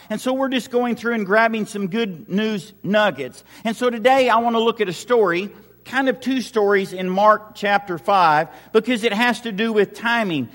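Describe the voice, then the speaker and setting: A man's voice: high-pitched, moderate pace, a bit bright, long reverb tail. A man preaching a sermon as pastor, building his points with repeated rhetorical questions and emphatic, repetitive phrasing.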